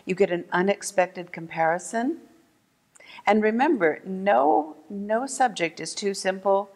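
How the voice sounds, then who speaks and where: A woman teaching a lesson for children, gentle and clear, slowing down to sound out words. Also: medium pitch, lively intonation, in a large hall. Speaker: museum art educator. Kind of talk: instructional video lesson for kids.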